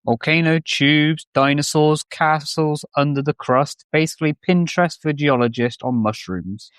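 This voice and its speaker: A man co-hosting a podcast who trades deadpan, sarcastic quips in comedic banter. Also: fairly high pitch, normal speed, smooth, no echo. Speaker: podcast co-host.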